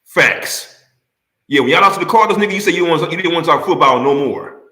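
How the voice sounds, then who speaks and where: A man hosting a live stream, teasing and badgering a caller about football, repeating his questions and laughing loudly. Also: a little high, fast, reverberant. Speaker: livestream host.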